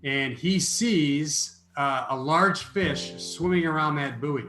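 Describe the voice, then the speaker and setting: A man telling a story as an interview guest, animated and prone to restarting his sentences. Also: a little high, takes it slowly, roomy sound, soft background music. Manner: animated storyteller, repeats words when starting.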